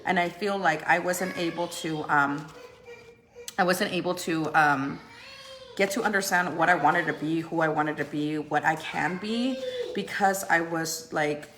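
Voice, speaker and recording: A woman's voice: a little slow, fairly bright tone, slight background noise, poor audio. A woman chatting on a casual live stream from her home at breakfast, talking about her life and often laughing. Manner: chatty, laughs often, high baby talk to her kids. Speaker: vlogger and mother.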